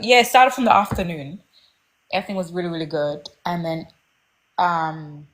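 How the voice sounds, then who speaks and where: A young woman casually telling a personal dating story, rambling and candid, with many fillers and restarts. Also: low voice.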